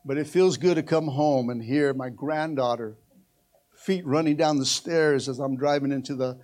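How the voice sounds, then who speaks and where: An older man, a pastor, preaching a sermon with fervent energy, often calling out "amen" and rising to shouts. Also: medium pitch, moderate pace. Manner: energetic preaching with frequent "amen" and "come on, somebody", climbing to shouts.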